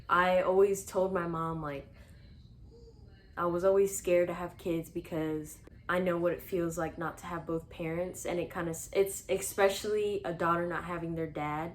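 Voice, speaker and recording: A woman's voice: on the low side, a little hiss or hum. Chatty young woman telling her story. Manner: chatty, frequent "like", laughs between sentences. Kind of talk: casual storytelling to camera.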